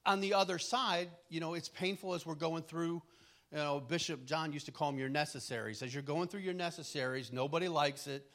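A man's voice: a little high, fairly bright tone. Folksy middle-aged male preacher. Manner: folksy, chuckling storyteller with frequent restarts. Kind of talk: conversational sermon with personal stories.

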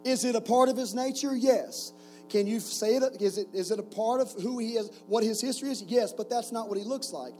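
A man's voice: very high voice, brisk, a little mellow, faint music behind, rough recording. A man in his forties preaching to a camp group, telling stories with jokes and rhetorical questions. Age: 40s. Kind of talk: sermon with stories.

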